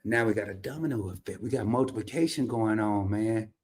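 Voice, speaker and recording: A man's voice: on the low side, fairly quick, darkish tone. A man from Arkansas with a Southern accent, hosting a livestream and telling stories in a laid-back, drawling way. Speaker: livestream host. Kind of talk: casual storytelling monologue.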